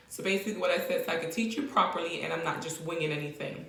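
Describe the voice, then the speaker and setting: A woman's voice: on the low side, rapid-fire, few pauses, fairly bright tone. Echoey Jamaican woman teaching. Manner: playful, laughs often, repeats phrases. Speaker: language teacher vlogger. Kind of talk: casual vlog lesson. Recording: very echoey room.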